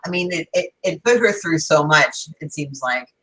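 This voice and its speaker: A woman's voice: deep voice, expressive, moderate pace, fairly bright tone, poor audio. A woman co-hosting a casual podcast chat, talking in an enthusiastic, emphatic way. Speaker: podcast co-host.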